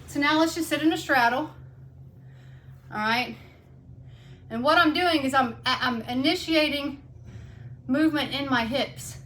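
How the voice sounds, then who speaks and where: A woman's voice: high voice, unhurried, long pauses, a bit bright. A young woman coaching a home workout in a blunt, chatty way, out of breath and counting reps aloud. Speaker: fitness instructor. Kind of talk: casual workout instruction.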